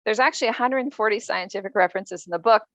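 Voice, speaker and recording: A woman's voice: medium pitch, very fast, fairly bright tone, no echo. A woman guest author in a podcast interview, explaining earnestly with frequent ums.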